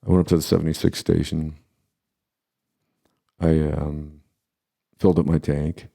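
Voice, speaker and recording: A man in his forties telling a personal story casually, halting and restarting as he goes. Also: rumbling low, flat delivery, creaky, dark tone. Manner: halting, with many pauses and restarts.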